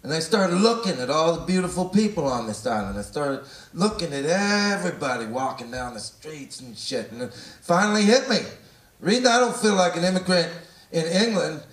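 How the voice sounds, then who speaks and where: A Canadian man in his forties works a comedy stage with a bright, high voice that leaps around. He rambles profanely, drops to mutters and then bursts into shouts. The sound is roomy and a little distant, with a loud crowd laughing behind him. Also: expressive, moderate pace. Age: 40s. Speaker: stand-up comedian. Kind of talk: stand-up comedy set. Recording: roomy live venue, mic off-axis, loud crowd laughter. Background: audience laughing.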